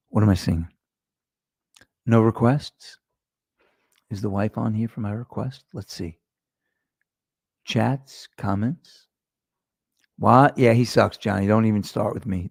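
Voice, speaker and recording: Gravelly man hosting a casual livestream. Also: on the low side, no room sound, studio quality. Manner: loose, profane, joking, talks to chat viewers. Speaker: host.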